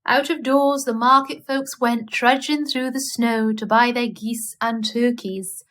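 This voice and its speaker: A woman reading a children's bedtime story aloud in a gentle, expressive manner. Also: fairly high pitch, unhurried.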